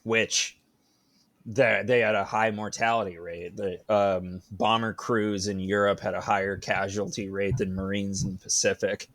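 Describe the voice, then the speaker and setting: A man's voice: lowish voice, flat delivery, a little slow, fairly bright tone. A man co-hosting a podcast in casual film discussion, swearing freely and asking incredulous questions. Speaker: podcast co-host.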